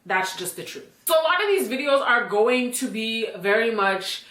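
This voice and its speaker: A woman telling a personal story to camera in a casual, blunt, animated way, swearing freely. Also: on the high side, normal speed, reverberant. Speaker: storytime vlogger.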